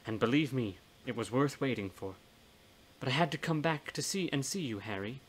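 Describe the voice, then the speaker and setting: In a storybook reading, a man voices the ghost of a blunt, folksy older woman, giving her a plain-spoken, scolding manner with a warm mood. His mid-range voice is expressive and close to everyday speech, at a normal pace with slight background noise.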